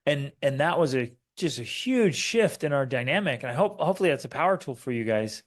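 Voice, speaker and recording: A man's voice: mid-range voice, brisk. A middle-aged man co-hosting a family podcast, teaching in a casual way and acting out quotes in raised voices. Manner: animated storytelling, acts out quotes in raised voices. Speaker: podcast co-host.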